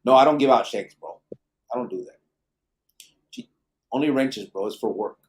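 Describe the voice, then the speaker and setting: A man's voice: mid-range voice, moderate pace. Profane laid-back man hosting a podcast. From Arizona. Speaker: podcast host. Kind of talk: late-night live podcast chat reading comments.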